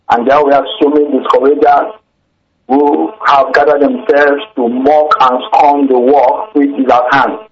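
Preaching Nigerian male radio caller. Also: medium pitch. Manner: preaching, emphatic, scripture-quoting. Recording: muffled radio phone line.

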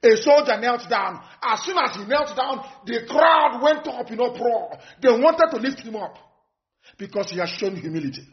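A man's voice: very high voice, animated, moderate pace. A Nigerian man giving a fiery, scornful political broadcast, repeating phrases for emphasis. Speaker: activist addressing followers. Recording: dull lo-fi recording.

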